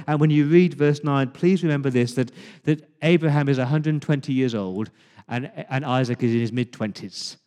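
A man preaching a sermon as pastor, speaking with passion, dramatic pauses and repeated words. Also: fairly high pitch, a little mellow, long reverb tail. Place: church.

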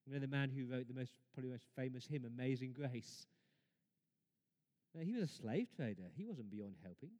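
A man's voice: mid-range voice, animated, brisk. Man preaching in an echoing church. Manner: emphatic preaching, rising to loud exclamations and dropping to quiet asides. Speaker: pastor. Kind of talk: sermon. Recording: long reverb of a church hall.

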